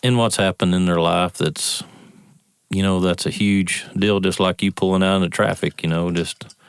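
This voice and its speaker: A man co-hosting a podcast, speaking in a reflective, halting way. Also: sits low, fairly even intonation, clear, resonant tone, no echo, studio quality. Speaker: podcast co-host. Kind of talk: casual conversation.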